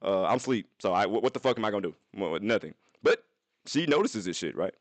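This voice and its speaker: A young man talks to his live chat from his phone, his voice sitting on the low side. He tells the story loosely and animatedly, swearing freely and leaping into high-pitched voices. The sound is dry and close, with no room around it. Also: animated, fast, no echo. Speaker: streamer.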